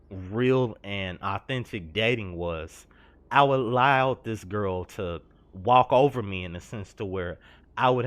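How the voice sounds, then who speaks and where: A man's voice: fairly low pitch, fairly bright tone. A young man telling a personal story over gameplay, earnest and confessional, slangy and rambling. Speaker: gaming vlogger.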